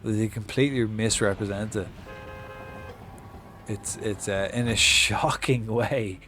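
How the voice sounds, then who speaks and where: Irish dude streaming fortnite, lowish voice, swears a ton, acts out his reactions. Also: fairly even intonation, takes it slowly, sharp tone, slight background noise. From Ireland. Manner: swears a lot, tells stories with mock-acted reactions. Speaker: game streamer. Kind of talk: casual live-stream chat while gaming.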